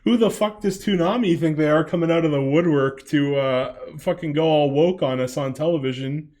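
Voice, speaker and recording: A man's voice: fairly high pitch, moderate pace, a little mellow. A man in his late twenties ranting in a reaction commentary, swearing a lot, rambling and laughing often.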